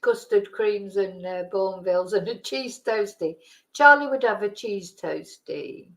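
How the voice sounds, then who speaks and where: A woman's voice: mid-range voice, a little slow, rough recording. Chatty, tired woman live-streaming. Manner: chatty, rambling, greets viewers warmly by name. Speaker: livestream host. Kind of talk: casual live chat.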